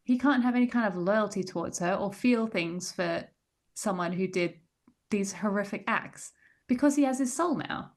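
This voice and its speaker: Woman co-host, mid-pitched, thinks out loud in a relaxed chat. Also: normal speed. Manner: thoughtful, musing, asks rhetorical questions. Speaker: podcast co-host. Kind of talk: casual chat.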